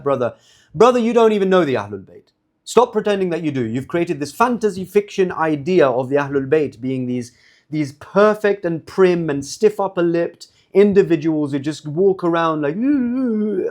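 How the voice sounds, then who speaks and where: A man giving a religious lecture in an impassioned, sarcastic manner. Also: fairly high pitch.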